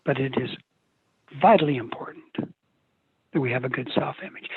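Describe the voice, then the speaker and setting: A man's voice: mid-range voice, normal speed, husky, no room sound. An older man giving a live motivational seminar over a video call, telling stories in a folksy, joking way. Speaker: motivational speaker. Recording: tinny, dry video call audio.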